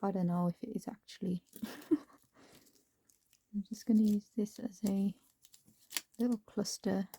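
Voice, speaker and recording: A woman's voice: medium pitch, fairly even intonation, unhurried, creaky, pauses often, warm tone, slight background noise. Chatty New woman crafting, murmuring. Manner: chatty, talks to herself while working, drops into whispers. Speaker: crafting vlogger. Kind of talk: casual crafting commentary.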